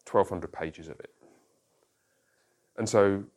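A man's voice: deep voice, slow, darkish tone. A middle-aged man, a pastor, teaching a church class in a conversational way and often checking that listeners follow.

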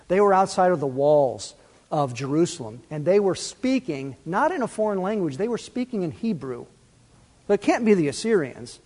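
A man preaching a sermon, animated and full of rhetorical questions, swinging between loud and soft. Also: sits high. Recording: long reverb.

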